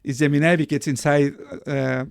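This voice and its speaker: A man's voice: fairly high pitch, flat delivery, fairly quick, creaky, no echo, clean studio sound. A man hosting an online meeting on a video call, chatting and reading out names, asking how to pronounce them. His first language is Spanish. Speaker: meeting host and mentor.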